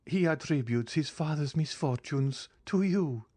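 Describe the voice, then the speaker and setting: A man's voice: fairly high pitch, animated, measured pace, dark tone, dry recording, pitched above the performer's own voice. A man voicing a despairing noblewoman mother. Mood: pleading. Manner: pleading, despairing. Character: anguished middle-aged noblewoman, pleading mother. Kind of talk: audiobook character voice.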